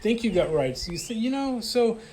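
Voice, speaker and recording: A man's voice: sits high, big pitch swings, normal speed, a little mellow, slight background noise. A middle-aged man from the United States in a casual interview, talking emphatically in bursts with frequent restarts. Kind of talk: casual conversation.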